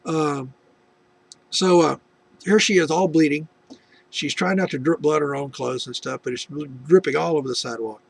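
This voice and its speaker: This middle-aged US man, hosting a video testimony, tells of his faith in a meandering fashion with many restarts and side comments. His voice is a little high, gravelly and husky, at a moderate pace, with no room sound.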